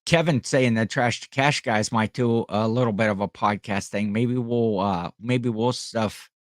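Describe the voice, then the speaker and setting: A man's voice: on the low side, measured pace, no room sound, studio quality. A man hosting a casual live stream, rambling as he reads the chat aloud, with frequent fillers and restarts. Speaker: livestream host selling items.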